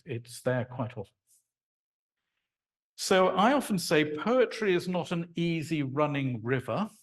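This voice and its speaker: A man lecturing live to an audience, at an ordinary pitch for a man. He keeps things conversational and animated, acting out rhythms and sounds as he goes. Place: lecture hall.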